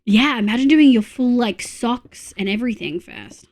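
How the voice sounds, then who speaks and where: A woman's voice: a little high, expressive, normal speed, a little mellow. A woman with an Australian accent, chatting casually and giggling as she talks to her live-stream viewers, swearing freely.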